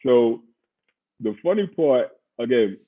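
Guest storyteller: New man, husky and slangy, sounds like a phone line. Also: medium pitch, slow. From Queens, New York. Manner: animated, slangy, acts out quotes. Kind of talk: casual storytelling.

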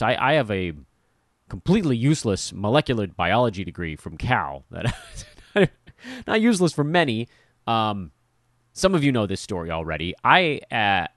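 A middle-aged man from Los Angeles hosting a casual solo podcast, telling stories in a self-deprecating, animated way. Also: fairly low pitch, dry recording, clean studio sound. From Los Angeles, USA. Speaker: podcast host.

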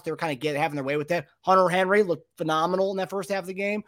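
Quick-talking man, dry close sound. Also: high voice, steady tone, no echo. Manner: rambling, many restarts, asks co-host questions. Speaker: podcast host. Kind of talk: casual sports chat.

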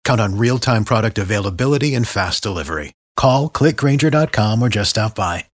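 A man reading a commercial in an earnest, measured way. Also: fairly low pitch, expressive, no room sound, studio quality. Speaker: ad announcer. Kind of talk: scripted commercial read.

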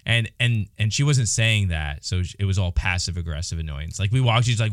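A man's voice: lowish voice, animated, fairly quick, dry recording, studio quality. A man co-hosting a podcast in casual chat, speaking in a laid-back, wry way. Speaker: podcast co-host.

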